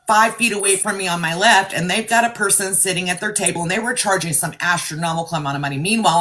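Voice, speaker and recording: A woman's voice: lowish voice, bright, forceful tone. A woman who works as a psychic medium, talking bluntly and with feeling in a podcast interview, now and then swearing and acting out the people she quotes.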